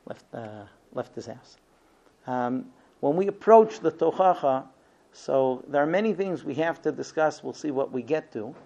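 A man's voice: on the high side, expressive, unhurried, vocal fry, mellow. A man giving a Torah lesson, telling a story with many ums and uhs. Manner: hesitant, frequent ums and uhs. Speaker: Torah teacher. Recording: dull lo-fi recording.

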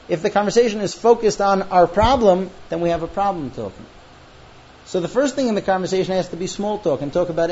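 A high-pitched man lectures a class about marriage, jumping into stories and playing out both sides of a quarrel. The recording is dull and lo-fi, with a faint hum of room sound behind him. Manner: animated storyteller acting out quoted voices. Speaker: teacher.

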